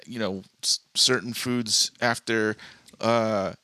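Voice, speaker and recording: A man's voice: lowish voice, fairly even intonation, takes it slowly, bright, forceful tone, no echo, studio quality. A man co-hosting a podcast in casual comedic chat. He is laid-back, swears casually, and reads listener questions aloud. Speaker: podcast co-host.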